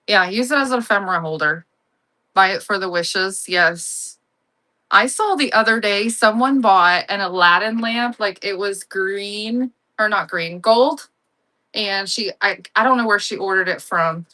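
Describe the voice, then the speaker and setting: Chatty woman host for a live online sale, bright and gushing, telling rambling stories between lots. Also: medium pitch, a little slow. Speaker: live online auction seller. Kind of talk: casual live-selling chat.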